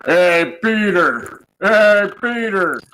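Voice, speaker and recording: A man doing an old video of quick-fire cartoon voice impressions, jumping between exaggerated characters. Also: high-pitched, animated, pushed and bright, slight background noise, pitched above the performer's own voice, exaggerated voice, rough recording. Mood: zany impressions.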